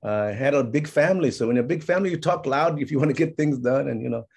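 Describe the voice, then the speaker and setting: A middle-aged man telling family stories in a reflective conversation, slipping Spanish phrases in among many fillers and growing animated as he goes. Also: medium pitch, quick pace, creaky, breathy edge. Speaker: speaker sharing his life's work.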